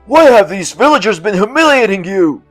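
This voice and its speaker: A man voicing a high-voiced kindly lord. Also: sing-song, fairly quick, no echo, soft background music. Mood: consoling. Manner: calls out commanding, then consoles warmly. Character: generous male nobleman, lordly and kind. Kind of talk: audiobook character voice.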